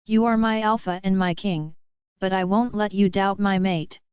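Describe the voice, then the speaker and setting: A man's voice: sits high, fairly even intonation, moderate pace, smooth, no echo, muffled recording, close to an everyday voice. A woman voicing a hot-tempered, loyal young male werewolf, in an urgent, protective way, in an audiobook.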